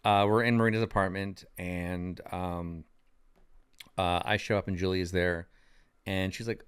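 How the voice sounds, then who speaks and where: A man with a lowish, smooth voice talks through his character's scene in a casual podcast. He rambles, restarting sentences and filling pauses as he goes. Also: fairly even intonation, no echo. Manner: rambling, lots of fillers and restarts. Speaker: tabletop role-play player. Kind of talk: casual recap of a game scene.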